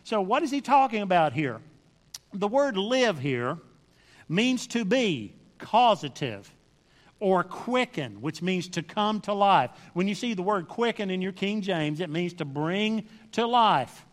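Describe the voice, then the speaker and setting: High-voiced man preaching in a reverberant hall. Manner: animated preaching with pauses and emphatic repetition. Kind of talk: sermon.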